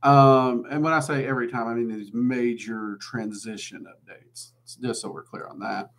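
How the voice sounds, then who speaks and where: A man's voice: mid-range voice, steady tone, normal speed. A man with a Southern twang, hosting a casual livestream Q&A and chatting loosely with lots of "um"s. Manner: chatty and rambling, with many "um"s. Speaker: livestream host answering viewer questions.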